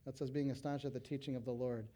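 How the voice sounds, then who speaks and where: A middle-aged male pastor preaching to fellow pastors, animated, breaking into loud acted quotes. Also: mid-range voice, very fast. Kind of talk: sermon to pastors.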